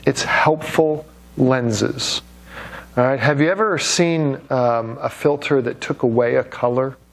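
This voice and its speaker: A man's voice: mid-range voice, normal speed. A man giving a classroom lecture, with joking asides to the students and many fillers and restarts.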